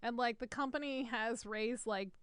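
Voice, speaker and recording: Woman podcaster rambling casually, kinda high voice, smooth and crisp, super dry sound. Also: fairly even intonation, normal speed, fairly bright tone, no echo. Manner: chatty, lots of fillers and swearing. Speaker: podcast co-host.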